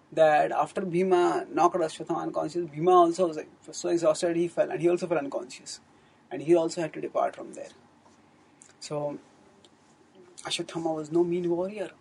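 Man, spiritual teacher, retelling scripture, very husky voice, raised pitch, earnest, self-correcting. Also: a little mellow, low-quality recording. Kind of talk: scriptural storytelling discourse.

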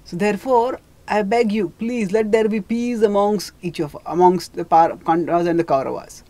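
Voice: mid-range voice, moderate pace, warm tone, lightly acted. A speaker voicing a male envoy who earnestly pleads for peace, raising the voice for the quoted lines. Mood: pleading.

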